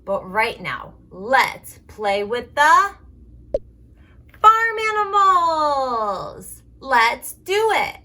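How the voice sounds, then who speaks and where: A woman's voice: high voice, big pitch swings, bright, forceful tone, a little hiss or hum. A woman speech therapist leading a playful lesson for toddlers, making animal sounds and drawing out her words. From United States. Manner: exaggerated, playful, drawn-out words. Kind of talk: slow, sing-song kids' lesson with animal sounds.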